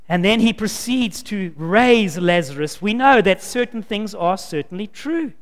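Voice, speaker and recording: A man preaching a sermon, swinging between loud, emphatic lines and low, quiet asides. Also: expressive, normal speed, few pauses, big-room sound.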